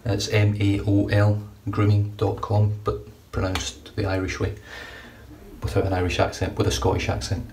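Man, low steady voice, chatty shaving review, mic a bit far off. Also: normal speed, vocal fry. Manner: enthusiastic, rambling, chatty. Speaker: shaving vlogger. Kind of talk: casual product review. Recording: distant mic, faint room noise.

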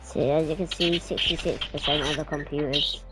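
A woman's voice: low-pitched, steady tone, moderate pace. A woman chatting casually and rambling as she records her gameplay, easily amused. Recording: loud game music behind.

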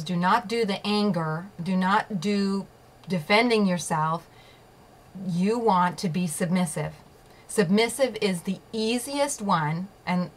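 A woman vlogger with a lowish voice tells a personal story emphatically, swearing now and then and often checking in with her listeners by asking "okay?" and "right?" The recording is rough, with slight background noise.

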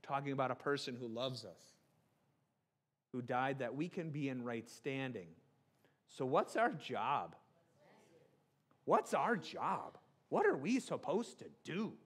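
A man's voice: medium pitch, lively intonation, measured pace, pauses often, breathy edge. A middle-aged man, a pastor, preaching in a casual, joking way and often checking with the room. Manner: joking, keeps asking the room "right?". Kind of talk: conversational sermon.

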